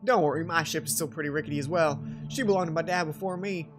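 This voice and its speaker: A man's voice: on the high side, quick pace, music in the background, close to an everyday voice. A man voicing a friendly, plainspoken woman starship captain in a game, in a casual, light tone close to his own voice.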